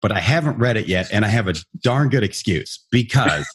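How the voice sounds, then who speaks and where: A man hosting a podcast in a relaxed, rambling, self-deprecating way. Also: lowish voice, fairly quick, husky. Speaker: podcast host. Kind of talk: casual podcast chat.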